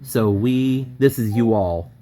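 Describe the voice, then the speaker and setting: A man as a language student on a video call, reading slowly, stumbling and correcting himself. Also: medium pitch, dark tone. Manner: hesitant, self-correcting, laughs at his own slips. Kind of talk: casual online lesson talk.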